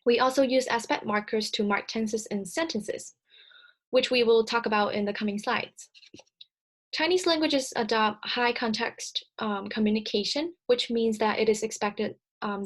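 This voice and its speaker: A young adult woman presenting a recorded slide lecture, explaining step by step with frequent ums and self-corrections. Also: medium pitch. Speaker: speech-language presenter.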